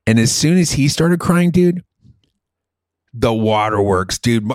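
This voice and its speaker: A man's voice: mid-range voice, takes it slowly, dry recording. A middle-aged man chats in an easygoing, rambling way, his voice sitting in a middle register. The recording is close and dry with no room sound. He keeps a loose storytelling flow. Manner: animated, rambling, swears casually, says dude. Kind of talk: casual storytelling chat.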